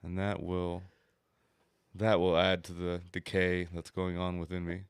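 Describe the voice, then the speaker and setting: Gravelly-voiced man joking crudely on a podcast. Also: low voice, completely flat delivery, measured pace, dry recording, clean studio sound. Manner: rambling, crude jokes, mock painting-show narration. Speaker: co-host. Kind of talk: crude comedic podcast banter.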